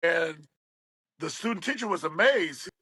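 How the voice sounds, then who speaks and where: Bright high-voiced man telling stories. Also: measured pace, breathy edge, dry recording, low-quality recording. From West Virginia. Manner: animated storyteller, acts out quoted voices. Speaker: guest, radio DJ. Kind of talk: storytelling interview.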